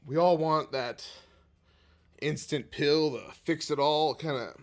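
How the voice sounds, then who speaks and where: A man's voice: a little high, fairly even intonation. Emotional man sharing a candid recovery story. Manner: heartfelt and candid, at times choked up with pauses and sighs. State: emotional, near tears. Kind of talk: emotional personal livestream talk.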